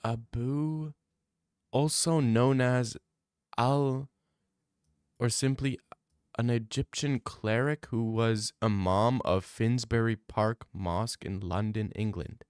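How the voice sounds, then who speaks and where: A man's voice: medium pitch, takes it slowly, darkish tone, smooth, no room sound, studio quality. A young man streaming, chatting casually and joking about fights while thanking donors. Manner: rambling, joking, many restarts. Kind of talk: casual stream chat reading donations.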